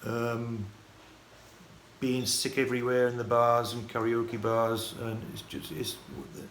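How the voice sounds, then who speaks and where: A man from the United Kingdom telling his life story in a casual, halting vlog monologue full of restarts and fillers. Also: mid-range voice, monotone. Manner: rambling, halting, many restarts and fillers, chuckling. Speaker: vlogger. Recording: echoey room with faint ambient noise.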